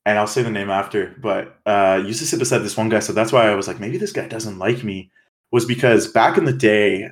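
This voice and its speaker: A young man from Canada co-hosting a podcast, telling stories in casual, animated chat with swearing. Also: on the low side. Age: young adult. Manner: animated storytelling, swearing, quoting others. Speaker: podcast co-host.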